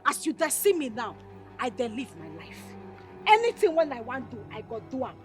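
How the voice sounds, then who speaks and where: A swaggering, loud-mouthed young woman played by an actress in Nigerian Pidgin, her high voice leaping up and down as she threatens and scolds. Soft film music plays under the dialogue. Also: big pitch swings, fairly quick. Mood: defiant. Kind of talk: Nollywood film acting.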